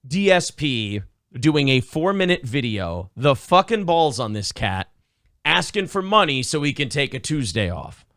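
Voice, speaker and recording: Lively profane male stream host. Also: medium pitch, no echo, clean studio sound. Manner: profane, sarcastic, loud outbursts. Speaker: show host. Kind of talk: live-stream talk show chat.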